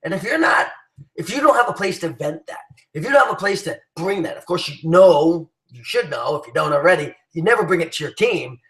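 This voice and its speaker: A man's voice: on the high side, expressive, fairly quick, fairly bright tone. Man, motivational talk, emphatic and rallying, roomy echo. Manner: emphatic, rallying, full of fillers and restarts. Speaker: business leader addressing his team.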